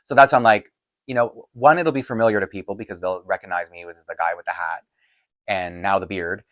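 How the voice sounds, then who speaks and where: A man's voice: low voice, steady tone, brisk, a bit bright, dry recording. A man hosting a casual question-and-answer video, chatty and rambling, laughing often, with a voice getting tired. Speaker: doll collecting channel host. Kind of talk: casual Q&A chat to camera. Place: home filming set-up.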